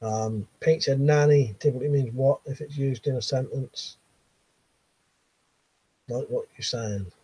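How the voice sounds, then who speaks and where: A man's voice: medium pitch, unhurried, pauses often, warm tone, husky, dry recording. An English man in his late thirties hosting a casual live chat from his bedroom, reading viewers' messages with easy, chuckling banter. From England. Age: 30s. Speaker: livestream host reading chat.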